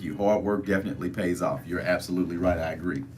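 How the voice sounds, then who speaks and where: Deep-voiced man coaxing livestream viewers. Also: fast, hardly any pauses, darkish tone, soft background music. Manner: coaxing, repetitive, urging viewers to join chat. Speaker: livestream host. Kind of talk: casual livestream chat.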